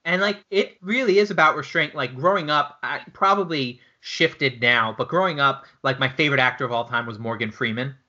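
A man from Brooklyn hosting a casual chat, telling jokey, energetic anecdotes. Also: mid-range voice, brisk, hardly any pauses, muffled recording.

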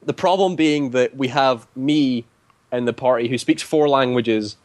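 A man's voice: medium pitch, measured pace, a little mellow, no room sound. A man casually recounting a tabletop game session, rambling with many filler words. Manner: rambling, heavy use of "like" fillers. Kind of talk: casual storytelling.

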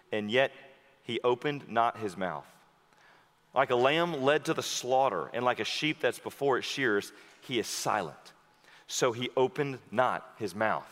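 A male preacher giving an expository sermon, dramatic, acting out the Bible figures and swinging from loud outbursts to hushed tones. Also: mid-range voice. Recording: long hall reverb.

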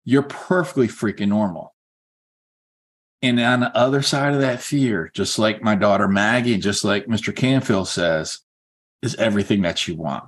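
An earnest man speaks as a real estate coach, mixing a personal story into a motivational talk. He talks in a loose, conversational way, full of casual fillers, and keeps urging his listeners on. His voice sits at an ordinary middle pitch for a man. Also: expressive, moderate pace, a bit bright. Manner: conversational, many "like" and "you know" fillers; earnest and encouraging.

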